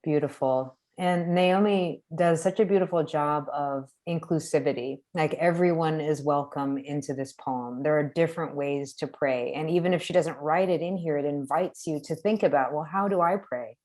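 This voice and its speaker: A woman's voice: deep voice, fairly even intonation, normal speed, hardly any pauses, mellow. A woman leading a poetry class over a video call, effusive and encouraging, laughing often.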